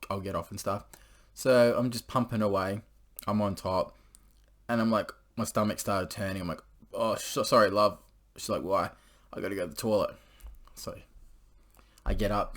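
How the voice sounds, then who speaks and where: Rambling, swearing man telling crude stories. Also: lowish voice. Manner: rambling, laughing, swearing freely. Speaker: storyteller host. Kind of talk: casual crude storytelling.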